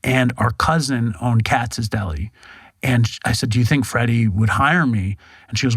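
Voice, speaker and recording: Middle-aged New York man, blunt and self-mocking guest storyteller, medium pitch, dry recording. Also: normal speed, fairly bright tone, husky, no echo. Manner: frank, profane, self-deprecating storytelling. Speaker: podcast guest. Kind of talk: candid storytelling interview.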